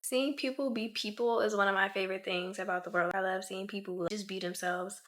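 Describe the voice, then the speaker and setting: A woman's voice: medium pitch, steady tone, a little fast. A twenty-year-old woman from Maryland, chatting through a casual question-and-answer vlog and filling her talk with lots of "like". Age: 20 years old. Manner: chatty, with many filler "like"s. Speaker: YouTuber.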